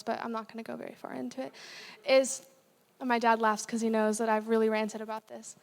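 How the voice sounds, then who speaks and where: A young woman giving a casual, chatty sermon as a guest speaker, with many fillers. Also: sits high. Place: church hall. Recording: long hall reverb.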